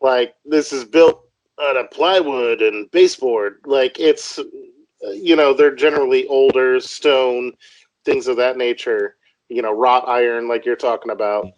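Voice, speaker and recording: A man's voice: medium pitch, unhurried, dry recording, lo-fi sound. A man co-hosting a casual podcast chat, jokey and rambling, laughing often. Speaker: podcast co-host.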